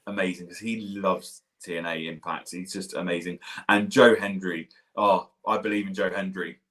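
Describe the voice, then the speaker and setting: A man's voice: fairly low pitch, a bit bright. A man co-hosting a podcast, chatting as a gushing, enthusiastic fan. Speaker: podcast co-host. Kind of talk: casual chat.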